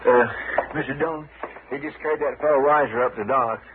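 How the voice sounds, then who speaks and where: A man's voice: medium pitch, brisk, lightly acted. An actor playing an eager, deferential young deputy in an old radio drama, hesitant and folksy in his speech. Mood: anxious. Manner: hesitant, folksy, plain-spoken. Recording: tinny lo-fi old radio broadcast with hiss.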